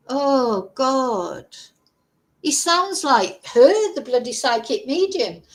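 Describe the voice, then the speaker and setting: A woman's voice: high voice, very animated, slow pace. A woman hosting a commentary vlog, scornful and exasperated, reading out a news article and picking it apart with sarcasm. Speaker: commentary channel host.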